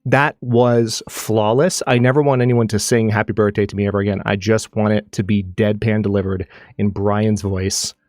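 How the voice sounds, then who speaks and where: A man hosts his own live stream in loose casual chat, rambling along with frequent restarts. His voice sits somewhat low and sounds dry and close on the mic. Faint music runs under him. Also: fairly even intonation, a little fast, darkish tone, no echo. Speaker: streamer and channel host.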